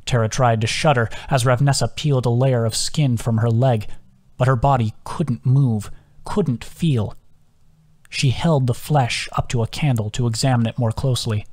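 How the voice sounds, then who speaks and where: A man reading his own novel aloud as audiobook narration, steady and measured. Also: medium pitch.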